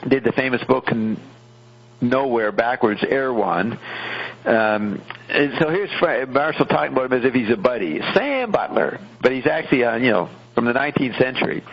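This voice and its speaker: A man's voice: medium pitch, creaky, slightly rough. A man hosting a radio show, reading a text aloud and explaining it in a digressive, playful way. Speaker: radio host. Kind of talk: lecture-style commentary, reading aloud and explaining. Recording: dull lo-fi radio sound.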